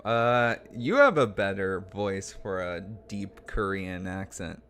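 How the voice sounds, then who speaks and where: A man's voice: low voice, animated, slow pace, a bit bright, slight background noise. A man co-hosting a casual livestream, laughing often and reading viewer comments aloud. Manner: giggly, reads chat comments aloud. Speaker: co-host.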